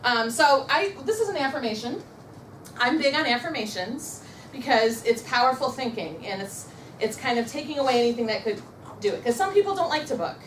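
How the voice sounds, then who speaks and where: A brisk, upbeat woman runs a motivational sales training in a meeting room with a live audience, coaching them and leading them in repeating affirmations after her. Her voice sits a little high, expressive and a bit bright. She is recorded from a distance in a roomy, echoey space, with a little hiss or hum.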